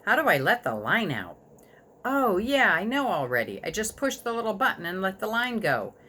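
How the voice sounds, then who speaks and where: A woman's voice: mid-range voice, very animated, moderate pace, sharp tone, slightly rough, heavily acted. A woman reading a storybook aloud, voicing a curious young boy who is eager and full of questions.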